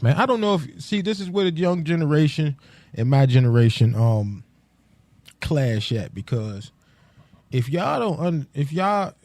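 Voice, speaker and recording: A man's voice: on the high side, darkish tone, no room sound. A man hosting a solo podcast, ranting casually in profane street slang with loose, rambling restarts. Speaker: podcast host.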